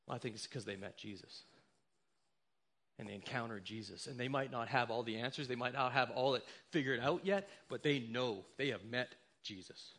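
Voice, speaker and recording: A man's voice: medium pitch, moderate pace, fairly bright tone. A man preaching a sermon to his church, emphatic and rhetorical, often checking in with the congregation. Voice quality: emphatic, rhetorical, repeated "right?". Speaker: pastor.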